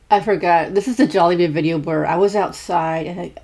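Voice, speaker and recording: Female food-channel host, casual and chatty, low-pitched with a gravelly edge. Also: steady tone, moderate pace, a little mellow. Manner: chatty, many fillers and restarts. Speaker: mukbang host. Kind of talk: casual chat reading viewer shout-outs.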